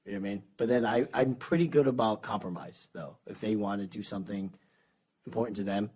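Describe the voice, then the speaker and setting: A comedian in his early forties chatting as a guest, laid-back and halting, often trailing off. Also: on the low side, warm tone, husky. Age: 40s. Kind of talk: casual chat.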